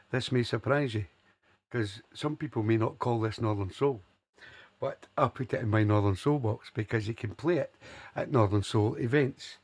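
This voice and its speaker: Older man chatting as a soul radio DJ. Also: on the low side. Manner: friendly, chatty, announces records and dedications. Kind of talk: casual radio chat.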